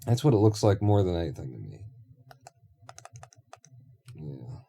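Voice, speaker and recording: A man's voice: low-pitched, sing-song, unhurried, creaky, noisy background. A man streaming a building game, rambling and thinking aloud in casual talk with offhand swearing.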